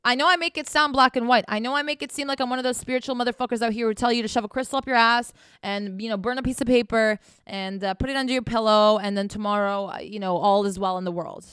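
A woman with a smooth, clear voice delivering a candid self-help monologue to camera. She is blunt and sarcastic, swears freely and scolds the listener directly. The recording is dry and close, with no room sound. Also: fairly high pitch, fast, hardly any pauses, a bit bright, no echo. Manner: direct, scolding address to the viewer. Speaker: host.

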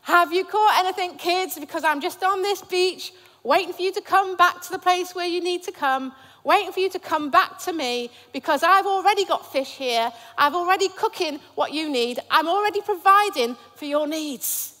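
A woman, voicing a gentle, patient man who calls out kindly during a sermon. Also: extremely high pitch, normal speed, long reverb tail. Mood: gentle, coaxing.

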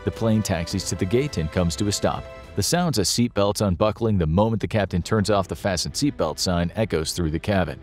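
Deep-voiced man narrating a tense story. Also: a little fast, hardly any pauses, soft background music. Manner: steady dramatic storytelling. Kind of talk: scripted narration.

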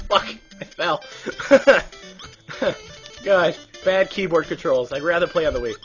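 A man recording gameplay commentary, rambling in quiet asides and then shouting excited, swearing hype lines. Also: on the high side, unhurried, soft background music. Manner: loud, excitable, swears often; mumbled asides between bursts.

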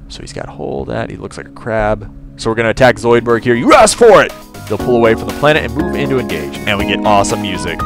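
A man giving casual let's play commentary, chatting to his crew and breaking into excited outbursts. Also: fairly low pitch, fast talker, vocal fry, hardly any pauses. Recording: game music behind voice.

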